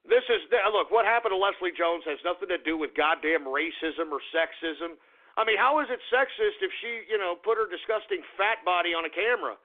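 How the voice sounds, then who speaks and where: A man's voice: high-pitched, lively intonation, fairly quick. A man hosting a radio show, ranting crudely with a lot of profanity. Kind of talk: call-in radio rant. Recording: narrow phone-like radio audio.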